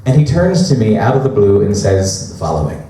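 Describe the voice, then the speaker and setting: A man's voice: on the low side, very animated, brisk, dark tone, recorded from a distance, slight background noise. A male cabaret performer singing and telling comic stories in a chatty, laughing way, recorded from afar in a roomy hall with music. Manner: chatty, laughing through anecdotes. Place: cabaret stage.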